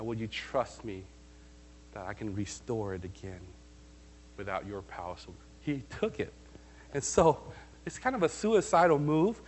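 A male preacher delivers a sermon with a slightly raised pitch. He talks to the congregation casually and keeps firing questions at them. He swings between bursts of energy and quieter stretches. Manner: animated, conversational, asks the congregation questions. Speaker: pastor.

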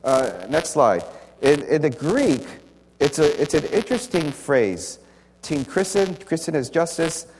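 A man's voice: fairly high pitch, animated, a little slow, a little mellow. A man preaching a sermon with slides in a conversational, emphatic way, often repeating key words. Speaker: pastor. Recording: faint hall reverb and light noise.

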